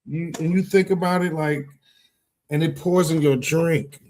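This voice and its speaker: A man's voice: a little high, fairly even intonation, measured pace, darkish tone, rough recording. A man chatting casually on a podcast in a laid-back way, swearing freely. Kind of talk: casual chat.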